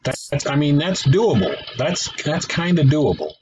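A man's voice: fairly high pitch, big pitch swings, moderate pace, a little mellow, slight background noise, poor audio. A man giving casual play-by-play commentary on a simulated baseball game, thinking aloud, correcting himself and adding wry asides. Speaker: gaming channel host.

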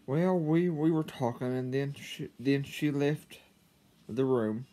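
A man telling a personal story to his viewers, halting, with frequent stammers and restarts. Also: mid-range voice, warm tone. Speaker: vlogger. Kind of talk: casual storytelling to camera.

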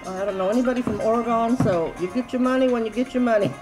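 A woman's voice: on the high side, fast, music in the background, low-quality recording. A middle-aged woman, chatting casually and rambling through a grocery haul at home. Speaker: YouTube vlogger.

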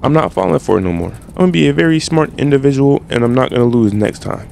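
A man's voice: medium pitch, quick pace, creaky, slight background noise. A young man doing casual, trash-talking commentary while playing a game. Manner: animated, trash-talking, slangy. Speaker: gaming streamer.

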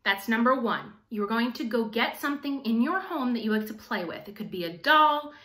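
Upbeat young woman teaching kids, lively high voice, echoey room. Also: brisk. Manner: upbeat, addresses children directly. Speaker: teaching artist. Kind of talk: children's storytime and activity lesson.

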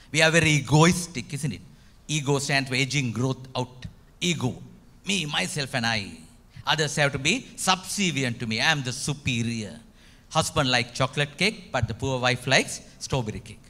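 Sri lankan guy preaching at a retreat, bright voice, swoops up and down a lot. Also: mid-range voice, expressive, moderate pace. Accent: Sri Lankan English. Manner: emphatic, asks the audience rhetorical questions. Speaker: retreat speaker.

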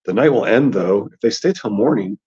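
A man voicing a grave, solemn boy seer in a grim, level, measured voice. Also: on the low side, animated, darkish tone, breathy edge. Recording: dull lo-fi recording.

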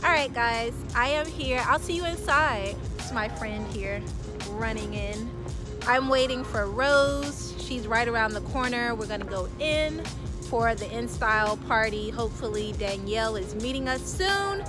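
A woman's voice: fairly high pitch, expressive, a little slow. Chatty woman vlogging over music. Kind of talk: casual vlog narration. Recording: music playing behind.

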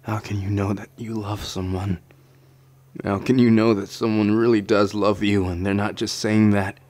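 A man voicing a shy, anxious young man in a whispered role-play, speaking softly and hesitantly. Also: lowish voice, flat delivery, normal speed, natural voice. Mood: tender, insecure. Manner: soft, hesitant, flustered stammering. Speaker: ASMR roleplayer.

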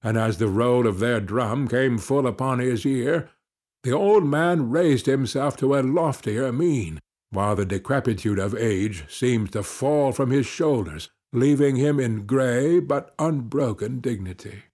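Male audiobook narrator, slow and deliberate, husky tone, measured dramatic reading. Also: mid-range voice, darkish tone.

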